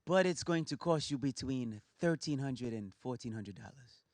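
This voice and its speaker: A low-key, matter-of-fact vet who talks quietly and gets straight to the bill. A comedian puts him on in a dropped, softer voice. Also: male voice, lively intonation, moderate pace, no room sound, lightly acted. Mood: grave.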